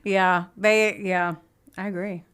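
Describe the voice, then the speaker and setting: A young woman co-hosts a podcast and tells a true-crime story as a casual chat. She talks loosely, fills her sentences with "like", and slips into little voices for the people she quotes. Her pitch sits in the middle for a woman. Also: level tone, slow, fairly bright tone, smooth. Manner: giggly, chatty, uses "like" a lot, acts out quotes.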